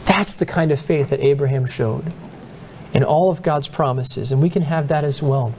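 A man's voice: a little high, normal speed, a little mellow, a little hiss or hum. Earnest man preaching at Bible study. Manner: earnest, conversational preaching with acted-out quotes. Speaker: pastor. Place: church.

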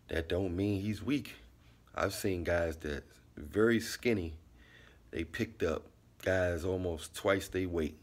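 Man, low husky voice, relaxed repetitive monologue. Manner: laid-back, repetitive, drops into quiet asides. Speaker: vlogger giving life commentary. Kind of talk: casual monologue.

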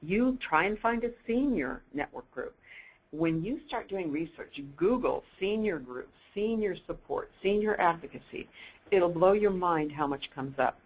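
Webinar presenter, upbeat, coaching tone, sales training talk, mid pitch. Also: expressive, a little slow, poor audio. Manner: upbeat, coaching, acts out quoted dialogue.

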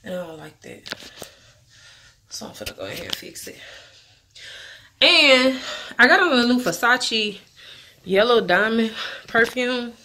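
A young woman vlogger chatting casually to her viewers, relaxed and slangy. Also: a little high, a little slow, long pauses, a little hiss or hum. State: out of breath at times. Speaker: family vlogger. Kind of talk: casual vlog chat to camera.

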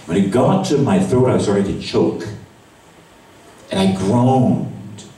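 A man, a priest, giving an emotional sermon that drops to a hush and rises to cries. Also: on the low side, slow. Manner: emotional testimony, voice swinging from hushed to cries. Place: large church at a retreat Mass. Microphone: far camera recording. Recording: echoey church from far off.

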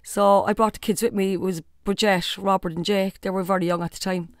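A middle-aged Irish mother spins a family anecdote in a chatty, animated way, dropping in blunt, salty remarks. Her voice sits at an ordinary middle pitch. The sound is dry and close, with no room echo. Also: a little fast. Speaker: guest, the host's mother. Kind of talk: casual storytelling on a podcast.

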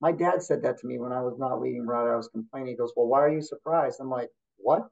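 A man's voice: medium pitch, fast talker, gravelly, darkish tone, highs cut off. A man, a therapist guest, talking bluntly and telling stories in a casual interview. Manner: blunt, storytelling, competitive.

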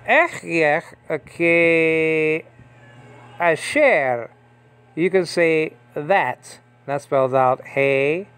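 A man giving a casual Bible language lesson, talking conversationally and checking in often with his listeners. He pauses and restarts as he reads text aloud from a screen. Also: medium pitch, creaky. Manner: conversational, checks in with frequent "okay?" and "you understand?". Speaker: Bible teacher.

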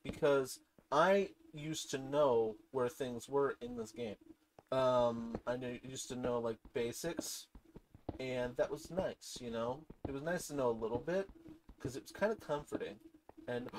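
A woman giving casual gameplay commentary, rambling from low mumbles to excited shrieks and talking to the game's items. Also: measured pace, a little hiss or hum. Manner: talks to game items, swears casually. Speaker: gaming channel host.

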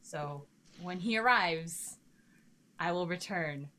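A woman streamer giving casual let's-play commentary, chatty and talking to herself and the game, swinging between nervous and excited. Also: lowish voice, slow pace, a little hiss or hum.

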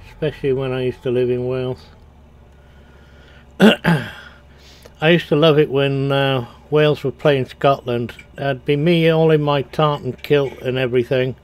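A man's voice: mid-range voice, a little mellow. An older man, chatting casually and telling rambling stories while he streams a farming game.

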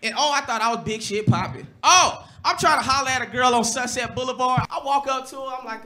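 A man in his thirties from Florida doing a stand-up set on a comedy club stage, brash and animated, jumping into loud profane bursts. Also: very high-pitched, fast, hardly any pauses. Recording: live comedy club recording. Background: audience laughter.

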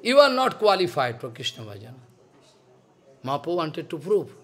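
A man's voice: fairly high pitch, sing-song, moderate pace, pauses often, fairly bright tone. Older man giving an emphatic devotional lecture. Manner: broken English, repetitive, emphatic. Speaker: spiritual teacher.

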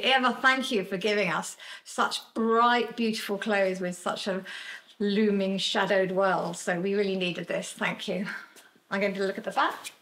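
A woman reviews clothes she is trying on, in a gushing, playful way. She talks to her viewers as if they stood beside her, at an ordinary middle pitch. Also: fairly bright tone. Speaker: fashion vlogger. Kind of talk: chatty clothing try-on review. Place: outdoors in a garden with a picnic.

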